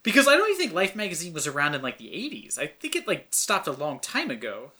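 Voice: mid-range voice, wildly swooping pitch, quick pace, crowd noise. A podcast co-host chatting casually about a movie, sarcastic, swearing, and acting out quoted lines. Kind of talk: casual movie review chat.

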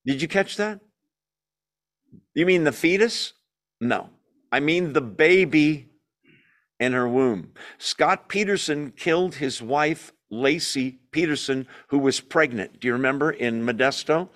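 A man leading a Bible study, reading scripture aloud and commenting in a lively, emphatic way, often asking the group questions and answering them himself. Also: a little high, unhurried. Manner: emphatic, opinionated asides.

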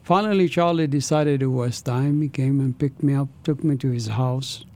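A man's voice: medium pitch, normal speed, mellow. A man, an interview guest, telling his life story with an intense, earnest manner.

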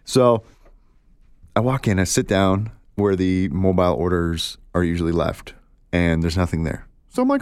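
A man with a fairly low voice hosts his own show alone, chatting in a relaxed, storytelling way. He acts out the people in his stories as he goes. The sound is dry and close, with no room echo. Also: normal speed, clear, resonant tone. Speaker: podcast host. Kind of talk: casual solo chat.

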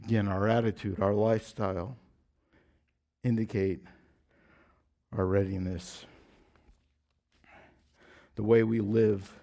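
A man preaching a sermon in an earnest style, repeating phrases and restarting often, dropping to a soft, low voice for emphasis. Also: little pitch movement, slow, gravelly, long pauses. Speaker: pastor.

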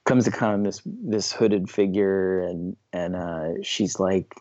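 A man's voice: low voice, fairly even intonation, slow, darkish tone, dry recording. A man talking as a guest in a casual interview, rambling enthusiastically and often restarting his sentences. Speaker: comic book writer, interview guest. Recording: dull lo-fi dry recording.

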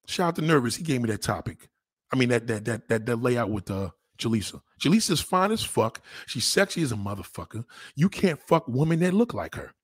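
A man's voice: mid-range voice, big pitch swings, a little fast, breathy edge, no echo, clean studio sound. A man hosting a crude, heated commentary rant, talking straight at his viewers. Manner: blunt, crude and heated, addressing viewers directly. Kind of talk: profane relationship rant.

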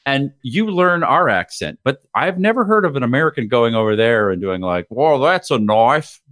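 Lively, joking man chatting. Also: medium pitch, brisk, dry recording, studio quality. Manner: animated, jokey, swears freely. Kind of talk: casual chat.

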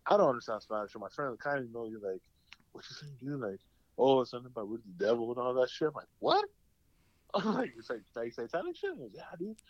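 His medium-pitched voice swings widely as he speaks fast, co-hosting a casual podcast. He wanders from story to story, swearing heavily and acting out what people said; the recording is dry with the highs cut off.

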